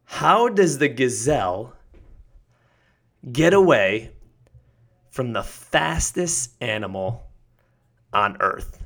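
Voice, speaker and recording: Energetic motivational male podcast host. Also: mid-range voice, slow, vocal fry, pauses often. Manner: energetic, emphatic, builds to excited shouts.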